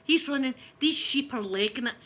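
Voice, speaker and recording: A woman with a Scottish accent telling a family story in casual talk, animated and often laughing. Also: sits high, fairly quick. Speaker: ASMR channel host telling a family story.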